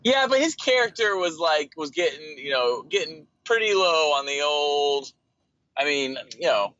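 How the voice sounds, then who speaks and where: A man's voice: fairly high pitch, expressive, unhurried, bright, forceful tone, slight background noise. A man co-hosting a podcast, chatting casually about a film, agreeable and jokey, with frequent laughs. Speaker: podcast co-host. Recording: dry, dull lo-fi mic.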